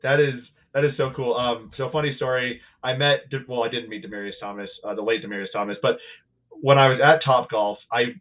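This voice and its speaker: A man hosts a podcast over a tinny, phone-like line, asking friendly, rambling questions in casual chat. His mid-range voice keeps a steady tone and a brisk pace.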